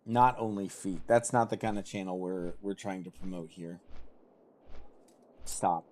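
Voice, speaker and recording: A man's voice: low-pitched, measured pace, a little mellow. A man livestreaming a game, chatting casually with viewers in a self-deprecating, laughing way, wearing headphones at a desk mic. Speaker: streamer.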